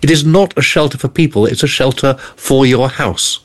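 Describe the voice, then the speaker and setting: Male co-host, mid-pitched, chatty explainer with a light joking manner. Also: moderate pace. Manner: chatty, explains then jokes and laughs. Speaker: radio co-host presenting gadget news. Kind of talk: casual radio chat. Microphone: studio mic.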